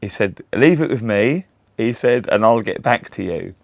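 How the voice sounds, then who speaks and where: Middle-aged guy, low gravelly voice, rambling story, does the voices, dry close sound. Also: expressive, moderate pace, darkish tone, no echo. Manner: rambling anecdotes, acts out voices in quotes. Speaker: interview guest, Elvis tribute act. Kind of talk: casual storytelling in an interview.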